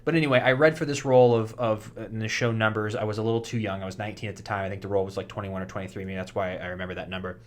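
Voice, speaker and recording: Rambling, low-voiced man in casual chat. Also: steady tone. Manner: rambling, halting, with many fillers and restarts. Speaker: podcast co-host, soap actor.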